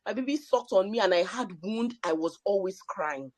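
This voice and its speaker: A woman's voice: medium pitch, expressive, moderate pace, a little mellow, no echo. A woman sharing a personal story at a panel, emphatic and repeating phrases for effect. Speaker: panel speaker.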